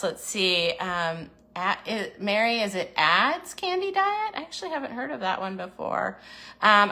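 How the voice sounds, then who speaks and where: A woman with a lowish, creaky voice and a sharp tone hosts a diet program's casual livestream. She talks encouragingly about food choices, reads out viewer comments, and acts out small inner voices in quotes.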